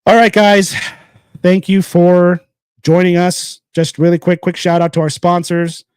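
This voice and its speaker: A man's voice: high voice, level tone, a little slow, clear, resonant tone, no echo, studio quality. Blunt rambling man hosting a podcast. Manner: blunt and rambling, with repeated phrases and sponsor shout-outs. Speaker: podcast host. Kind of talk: casual solo podcast monologue.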